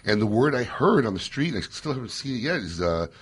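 A man hosting a casual radio talk show from a studio, telling stories in an animated, joking way. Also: mid-range voice, fast, husky. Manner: animated storyteller, loose and joking.

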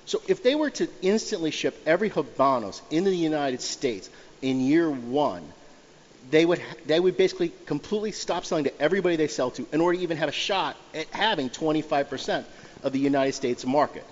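A man's voice: a little high, expressive, a little fast. A man in his fifties telling a story animatedly as a guest in casual podcast chat, laughing often. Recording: dull sound in a reverberant room.

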